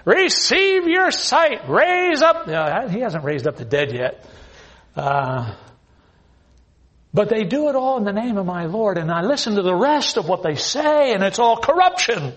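A man preaching a sermon, quoting scripture and swinging from quiet earnest asides to loud, raised emphasis, often repeating his phrases. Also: high voice, expressive, normal speed, breathy edge.

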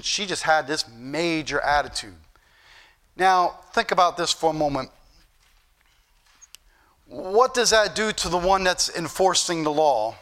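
A middle-aged preacher with a high, bright voice delivers his sermon as a story, acting out the back-and-forth himself. His emphasis climbs as the point builds. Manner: storytelling, plays out dialogue with rising emphasis.

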